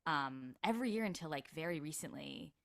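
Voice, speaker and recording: A young actress talks as a podcast guest. Her voice sits low but has a bright, forward edge. She rambles happily and scatters "like" through every sentence. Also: expressive, a little fast, gravelly. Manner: chatty, lots of "like" fillers. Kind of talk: casual interview chat.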